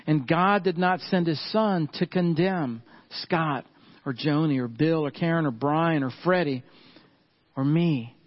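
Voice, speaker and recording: A middle-aged man, preaching a sermon earnestly and slowing down and softening on key points. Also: on the high side, lo-fi sound. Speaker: pastor.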